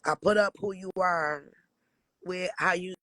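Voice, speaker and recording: A man from Michigan with a raspy voice hosts a casual livestream, answering viewers' questions bluntly with frequent swearing and laughter. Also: high voice, steady tone, unhurried, pushed and bright. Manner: blunt, profane, laughs often. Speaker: livestream host.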